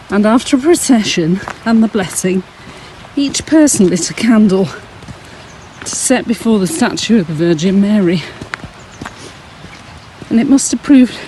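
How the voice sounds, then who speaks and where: A woman leading a Sunday school walk, giving a gentle, reflective talk outdoors while slightly out of breath. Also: mid-range voice, slight background noise, poor audio. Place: outdoors on a frosty hillside walk.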